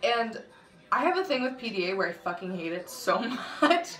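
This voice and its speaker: A young woman with a bright, sharp voice tells a dramatic storytime, swearing freely and breaking into laughter. The sound carries a roomy echo. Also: mid-range voice, sing-song, normal speed. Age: young adult. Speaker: vlogger. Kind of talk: casual storytime vlog.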